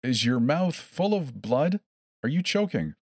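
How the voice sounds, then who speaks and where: This is a horror storybook villain, as a man puts him on: a cloaked keeper who sounds chillingly cheerful and coaxing. His voice sits well above the narrator's own low register, bright with false enthusiasm, and the recording is close and dry. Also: big pitch swings, a little fast, dry recording. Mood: gleeful. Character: cheerful sinister cloaked male manager.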